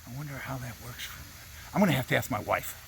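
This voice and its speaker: A man's voice: medium pitch, fast talker, creaky, a bit bright, a little hiss or hum. A man who handles alligators at a park, chatting casually outdoors and explaining things in a laid-back, knowing way.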